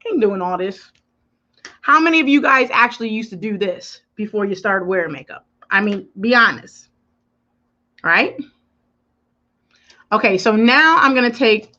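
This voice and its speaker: A woman's voice: fairly high pitch, moderate pace. A woman hosting a live makeup tutorial, chatting emphatically with her viewers and answering their comments. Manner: animated, emphatic. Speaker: beauty influencer. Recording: dull lo-fi livestream audio.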